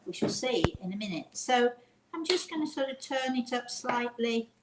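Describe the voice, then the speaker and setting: A cooking show host with a fairly high, animated voice talks at normal speed while judging quantities by eye and saying them aloud. The recording, made in an echoey home kitchen full of clattering dishes, is very noisy.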